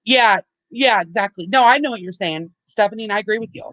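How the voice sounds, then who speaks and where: A woman's voice: medium pitch, quick pace, a bit bright, dry recording, low-quality recording. A woman hosting a livestream, ranting heatedly with lots of swearing and repeated restarts. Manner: heated, profane, repeats herself. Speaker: livestream host. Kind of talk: angry livestream rant.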